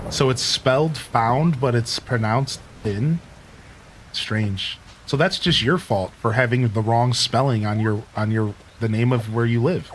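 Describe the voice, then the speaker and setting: A man's voice: mid-range voice, unhurried, slight background noise. A man from Ohio with a Midwestern accent, a streamer chatting playfully with his live chat while he plays, teasing and laughing often. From Ohio, USA.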